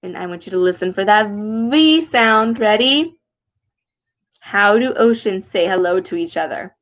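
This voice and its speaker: A young woman leading a speech lesson for children, animated and exaggerated, with frequent gasps and slow, deliberate words. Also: mid-range voice, low-quality recording. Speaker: speech therapist reading with children.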